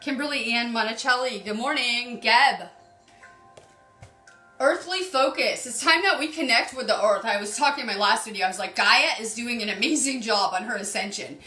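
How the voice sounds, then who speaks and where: Woman, card reader, chatty live-stream talk, bright voice, echoey room, faint music behind. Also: a little high, normal speed. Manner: chatty, laughing, greeting viewers by name. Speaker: spiritual healer reading cards on a live stream.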